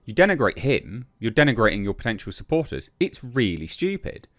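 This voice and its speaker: A man's voice: mid-range voice, very animated, brisk, fairly bright tone. A man giving casual political commentary, blunt and exasperated, with mocking sarcastic asides.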